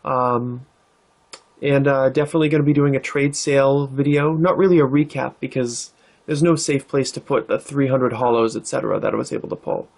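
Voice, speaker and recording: Guy narrating a card-opening vlog, laid back, lots of uhs and ums, middle-pitched voice. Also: fairly quick, gravelly. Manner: relaxed, thoughtful, with many fillers. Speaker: card-opening channel host.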